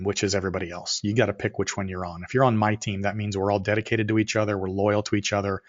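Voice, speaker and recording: A middle-aged man, an entrepreneur guest on a podcast, telling a story with energy and acting out both sides of the dialogue, sometimes rising to near shouts. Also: on the low side, flat delivery, quick pace, few pauses. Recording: muffled, slightly lo-fi audio.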